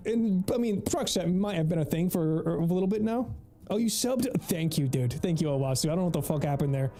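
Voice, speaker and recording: A young man casually chatting through a gaming stream, relaxed, swearing and laughing. His voice is high-pitched yet mellow and dark in tone. Soft music runs quietly underneath. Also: a little fast. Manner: laid-back, swearing, laughing often. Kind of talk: casual gameplay commentary.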